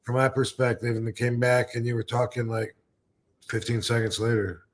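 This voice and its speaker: A man's voice: medium pitch, level tone, normal speed. A man hosting a podcast in casual chat over a video call, talking loosely with lots of fillers. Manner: loose and rambling, many fillers. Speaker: podcast host.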